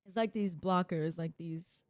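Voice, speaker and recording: A woman with a New York accent telling a long, profane story in a casual, animated way, shouting out the lines she quotes. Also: on the low side, measured pace, no room sound. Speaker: streamer.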